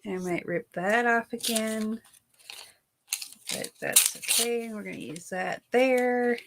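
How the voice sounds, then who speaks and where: A woman's voice: a little high, slow, creaky. A woman hosting a live crafting stream, chatting casually and thinking aloud as she works. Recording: noisy room recording.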